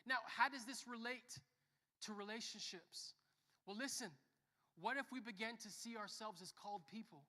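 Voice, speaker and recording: A young man preaching a sermon as a pastor, joking and telling stories, swinging from quiet to loud. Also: high-pitched, normal speed. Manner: lively, joking storyteller who shifts between soft and loud. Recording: long reverb of a church hall.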